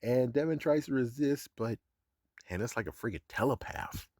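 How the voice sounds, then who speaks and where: A man's voice: medium pitch, expressive, moderate pace, darkish tone, no echo, studio quality. A man giving a casual episode recap, chuckling often and swearing in a sarcastic, offhand way. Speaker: show recap vlogger.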